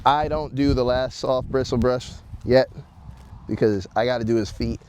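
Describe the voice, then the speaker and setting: Laid-back guy talking about his horse outside, chill slangy vlog talk, clear outdoor noise behind him. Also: mid-range voice, fairly even intonation, normal speed. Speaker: horse owner showing his horse.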